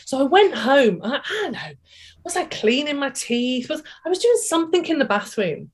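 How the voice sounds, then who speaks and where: A woman in her forties, telling her own story as a guest in an interview, chatty and animated, acting out her own thoughts and laughing often. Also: high-pitched, moderate pace. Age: 40s. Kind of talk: candid personal story in a podcast interview.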